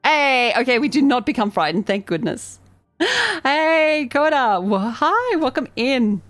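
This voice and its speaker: Chatty, excitable woman streamer. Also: a little high, measured pace, dry recording. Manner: excitable, chatty, self-deprecating. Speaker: vtuber streamer. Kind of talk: live game streaming and reading game text aloud.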